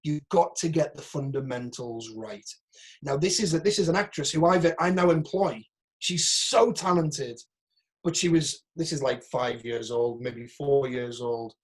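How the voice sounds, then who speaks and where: A man's voice: medium pitch, unhurried. A man with a Northeast English accent, an acting agent, giving a frank, chatty online workshop over a video call and picking apart audition clips.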